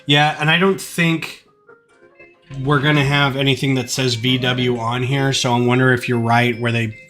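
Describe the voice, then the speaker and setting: A man's voice: medium pitch, level tone, normal speed, a bit bright. A man chatting casually at home while building a kit on a live stream, rambling with plenty of fillers. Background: faint music.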